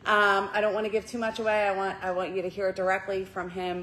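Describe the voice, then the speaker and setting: A woman's voice: mid-range voice, a little fast, few pauses, background noise. A woman leading a recovery group meeting in a church room, giving chatty announcements and a heartfelt introduction, with many fillers.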